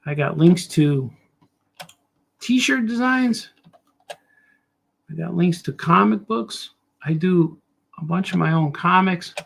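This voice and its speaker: Gravelly middle-aged man rambling while drawing. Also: high-pitched, takes it slowly, pauses often, a bit bright. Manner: joking, self-mocking asides. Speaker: cartoonist streamer.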